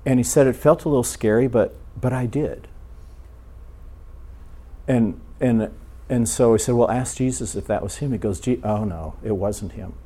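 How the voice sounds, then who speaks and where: A man preaching a sermon, telling a story and acting out prayers, often dropping to a near hush. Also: medium pitch, normal speed. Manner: animated storyteller, acts out prayers, drops to a hush.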